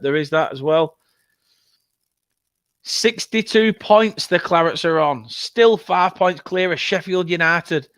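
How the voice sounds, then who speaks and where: Chatty English football fan host, smooth voice. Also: male voice, a little high, no room sound, clean studio sound. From England. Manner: excitable, emotional, chatty, swears. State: upset, has been crying. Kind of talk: live watchalong chat reading out comments.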